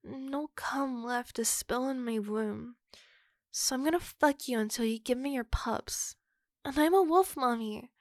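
A woman with a voice on the high side performs a flustered but forward muscular wolf-girl monster for an audio role-play. Her delivery is slow and gravelly, drifting into breathy whispers, and the studio sound is clean with no room sound.

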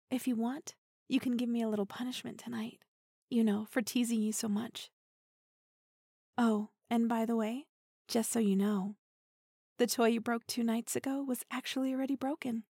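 Voiced by an actress, a playful young woman takes a dominant, teasing role in an intimate audio role-play. Her slightly high, breathy voice keeps fairly even intonation as she teases slowly, giggles often, and half-whispers close to the mic in a dry recording.

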